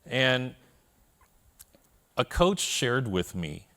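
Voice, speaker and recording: A man's voice: medium pitch, big pitch swings, drawn-out words, fairly bright tone. A man telling his personal story to a live audience in a keynote talk, with candid, self-deprecating humor, often checking in with the listeners. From Korea. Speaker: conference speaker.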